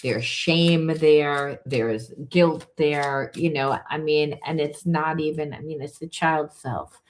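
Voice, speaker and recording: A woman's voice: low-pitched, steady tone, slow. A woman, a spiritual coach, talking through emotional healing in a loose, rambling way full of restarts and fillers. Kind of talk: informal coaching monologue.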